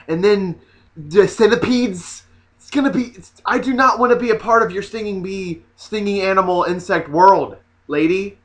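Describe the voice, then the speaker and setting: Sassy high-voiced man ranting. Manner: sassy, animated, mocking asides. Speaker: vlogger. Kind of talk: casual comedic vlog rant.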